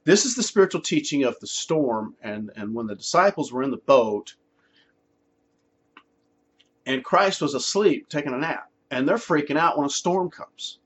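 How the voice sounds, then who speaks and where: Husky lively man teaching spirituality. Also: normal speed, few pauses. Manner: conversational, emphatic, acts out quotes in a high voice. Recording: dull lo-fi sound.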